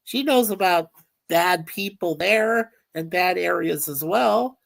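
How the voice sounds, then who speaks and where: A woman's voice: lowish voice, takes it slowly, gravelly. A woman hosting a casual livestream chat, rambling and reading viewer comments aloud. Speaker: livestream host.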